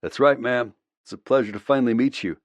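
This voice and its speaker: A man voicing a young male football player who is excited, brash and tactless. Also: medium pitch, fairly quick, no room sound, highs cut off, voice pushed up, lightly acted. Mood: eager.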